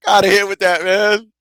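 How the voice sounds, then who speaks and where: A man hosting a live talk radio show who talks in an animated, profane way, laughs often and repeats himself. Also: sits high, smooth, dry recording.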